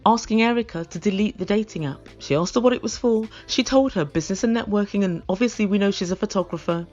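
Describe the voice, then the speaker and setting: A woman's voice: medium pitch, quick pace, darkish tone, highs cut off. A woman giving a comedic recap of a reality show in a blunt, sarcastic, mocking way. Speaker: reality TV reviewer.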